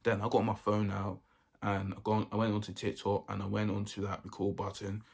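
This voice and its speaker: A man's voice: on the low side, completely flat delivery, a little fast, vocal fry, darkish tone, slightly rough. A young man, telling a story in a casual, rambling way that keeps repeating itself. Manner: rambling, repeats himself often. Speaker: vlogger.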